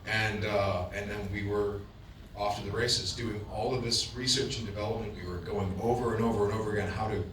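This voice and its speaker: A man guest on a convention panel, telling his story in a casual, animated way, often restarting his sentences. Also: lowish voice, brisk. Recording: echoey, distant mic with room noise.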